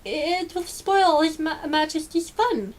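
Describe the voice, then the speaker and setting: A woman's voice: a little high, animated, a little slow, darkish tone, slightly rough. A woman voicing a polite, timid young page boy who speaks hesitantly.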